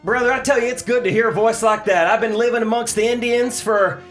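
A man's voice: extremely high pitch, steady tone, quick pace, faint music behind, pitched above the performer's own voice. A man voicing a brash, bossy Texas cowboy caller with a pushy drawl in an improvised comedy sketch. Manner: loud, pushy drawl, keeps saying "brother".

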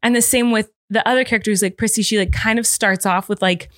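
A woman's voice: mid-range voice, steady tone, fast, a bit bright, dry recording, clean studio sound. A woman co-hosting a podcast in casual chat, gushing and playfully exaggerating. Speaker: podcast co-host.

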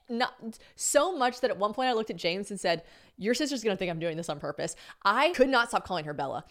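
A woman's voice: on the low side, lively intonation, fairly quick. A woman in her twenties from the United States, hosting a solo podcast and telling stories casually, swearing freely and acting out other people's lines. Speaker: podcast host.

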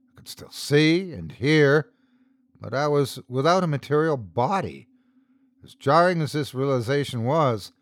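Male horror podcast narrator, animated dramatic delivery, dry close mic. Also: medium pitch, no echo. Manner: first-person, dramatic storytelling. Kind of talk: scripted horror story narration.

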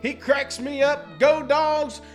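A man with a notably high voice reads listener reviews aloud on a sports podcast. He tosses in jokey, mock-dramatic asides and laughs often as he goes. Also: fairly even intonation, slow pace, soft background music. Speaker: podcast co-host.

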